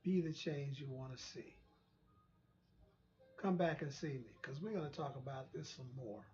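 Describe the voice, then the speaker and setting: A man's voice: medium pitch, moderate pace, a little mellow, muffled recording. A man hosting his own channel, delivering an impassioned, preachy commentary and repeating phrases for emphasis. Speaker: channel host.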